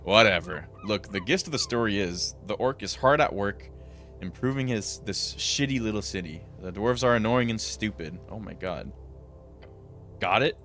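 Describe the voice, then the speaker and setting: A deep-voiced man reads a role-playing game's dialogue aloud on stream, his intonation lively and his pace moderate. Between lines he adds dry asides, and he gives each character a distinct voice. Quiet music from the game runs beneath him.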